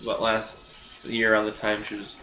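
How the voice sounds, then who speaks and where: A man's voice: fairly low pitch, monotone, normal speed, sharp tone, a little hiss or hum. A man co-hosting a casual recap chat, offhand and thinking aloud as he reads from his notes. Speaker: podcast co-host. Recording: echoey room.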